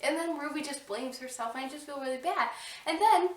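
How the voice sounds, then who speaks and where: A woman chatting casually about a book she loved, retelling the plot excitedly with lots of "I'm like" asides. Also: high-pitched, brisk, a little hiss or hum. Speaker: book reviewer. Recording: roomy echo, distant mic.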